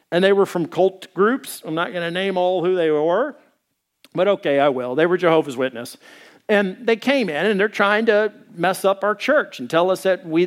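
A man from Arkansas delivers a sermon in a casual, animated style. His voice sits high for a man. He talks like he is chatting with his congregation. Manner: animated, conversational preaching with quoted asides. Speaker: pastor.

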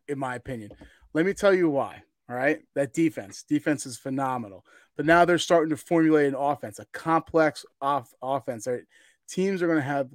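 A man in casual sports chat, pushing his argument hard and tripping over restarts. His voice sits a bit high. The sound is dry and close. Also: no echo. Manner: excitable, argumentative, stammering restarts. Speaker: podcast co-host.

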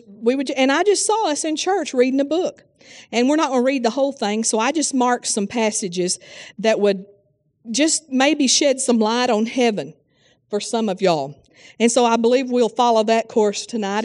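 A woman preacher, speaking earnestly with halting restarts, then reading a book aloud to her church. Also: on the high side, darkish tone. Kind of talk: sermon with read-aloud passages.

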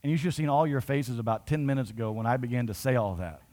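A man pastor preaching to his congregation in a conversational storytelling style. His voice sits in a middle pitch, and he builds to emphatic points. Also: quick pace, warm tone. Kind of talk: sermon storytelling.

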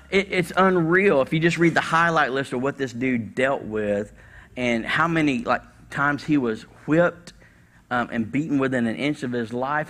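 A man preaching to a church congregation in a loose, conversational way, mixing casual slang into scripture. His voice sits at a middle pitch for a man, and it jumps high and loud when he leans into a point. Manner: conversational and animated, with casual slang and sudden bursts of pitch and volume. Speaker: pastor. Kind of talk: sermon.

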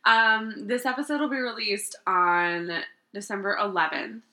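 A woman's voice: medium pitch, fairly even intonation, a little slow, pushed and bright, reverberant. A young adult woman, a teacher and podcast co-host, chatting casually and a little tipsy, giggling and rambling with plenty of fillers. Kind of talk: casual chat.

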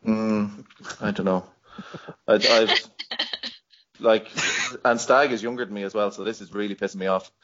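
A man's voice: lowish voice, steady tone, moderate pace, long pauses. A man with an Irish accent, hosting a casual group podcast chat and teasing the others with frequent laughs. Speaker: podcast host. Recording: lo-fi line with background noise.

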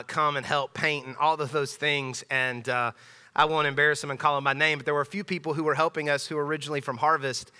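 A man's voice: fairly high pitch, bright, forceful tone, clean tone. A man in his thirties, a pastor giving a casual, emphatic sermon in a church sanctuary, often restarting his phrases. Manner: conversational, emphatic, with frequent restarts. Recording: long church hall reverb.

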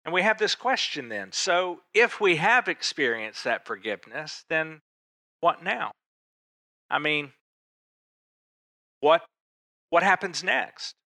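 A man preaching a conversational sermon, asking rhetorical questions and pausing for emphasis. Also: fairly high pitch, sing-song, bright, forceful tone, no echo. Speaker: pastor.

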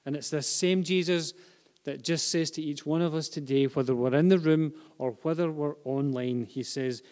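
A man preaches in a church hall, his voice sitting a little high for a man. He moves from soft, intimate phrases to loud, insistent repetition. A long reverb from the large room trails after each line. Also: fairly even intonation, moderate pace. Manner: impassioned, builds from hushed to loud with repeated emphasis. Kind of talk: sermon. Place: church hall with a live and online congregation.

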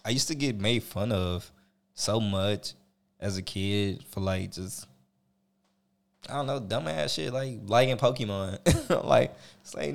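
A man's voice: on the low side, a little slow, creaky. A man in casual chat who laughs often and reflects on his younger self.

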